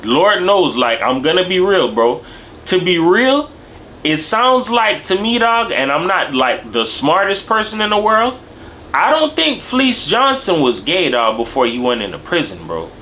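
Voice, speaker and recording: Young man, lively up-and-down delivery, bright forceful tone, casual street-slang commentary. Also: sits high, a little slow, slight background noise. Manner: animated street-slang talk, tags lines with "bro" and "dog". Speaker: video commentator.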